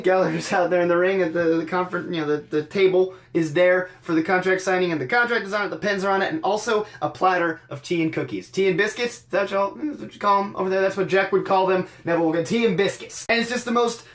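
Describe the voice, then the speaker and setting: Wry man, casual recap, sarcastic asides, stammering. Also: sits high. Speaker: podcast host.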